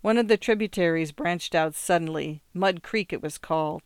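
An audiobook narrator reading literary fiction in a steady, measured way. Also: medium pitch, clear, resonant tone, no echo. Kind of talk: scripted narration.

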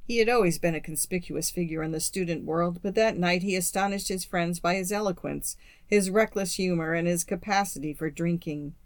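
A narrator reads a classic story at a steady, measured pace. The sound is dry and close, with no room around it. The pitch sits in an ordinary middle range. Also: no room sound. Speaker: audiobook narrator.

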